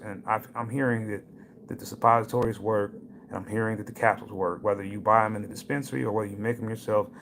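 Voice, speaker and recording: A man with a gravelly, mid-range voice hosts a casual livestream. He chats in a loose way, tells stories and greets viewers by name. A faint hiss sits under the recording. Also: medium pitch. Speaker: livestream host. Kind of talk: casual live-stream talk.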